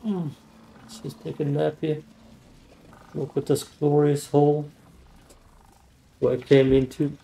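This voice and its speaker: Slow-talking gravelly German-accented man. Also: mid-range voice, dark tone, rough recording. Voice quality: vocal fry. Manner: rambling, joking asides while playing. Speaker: gamer. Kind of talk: gameplay commentary.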